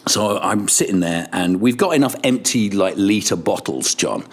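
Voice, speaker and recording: Man, middle-aged, fairly low voice, radio presenter, animated storyteller, laughs mid-story, excited pitch jumps, casual chat. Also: moderate pace. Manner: lively, laughs while telling stories, pitch jumps when excited. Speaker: radio presenter, podcast guest.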